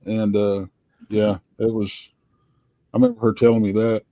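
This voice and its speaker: Male host, lowish mellow voice, dry sound, short casual remarks. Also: flat delivery, moderate pace, dry recording. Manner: brief, reactive interjections. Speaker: interview host. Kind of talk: casual interview chat.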